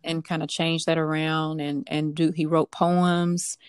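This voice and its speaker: A young woman telling a personal story as a podcast guest, halting and hesitant, with frequent fillers and restarts. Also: sits low, flat delivery, clear, resonant tone, no echo, studio quality. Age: young adult.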